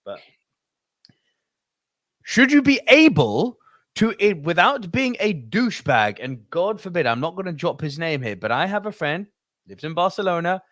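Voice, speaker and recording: Man, podcast co-host, swearing storyteller, lively swooping pitch, dry close sound. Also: normal speed, no room sound. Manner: profane, animated storyteller. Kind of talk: casual podcast chat.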